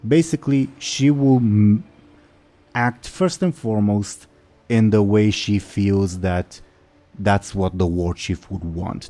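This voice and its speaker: A man's voice: on the low side, takes it slowly, dark tone. A man narrating as game master of a tabletop role-playing game, explaining rules and describing scenes. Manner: explains rules and voices orcs in quoted lines.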